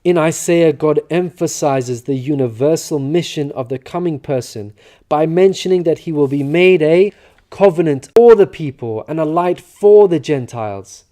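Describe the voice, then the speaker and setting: High, mellow male narrator. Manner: measured, earnest explanatory reading. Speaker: religious narrator. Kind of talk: scripted narration.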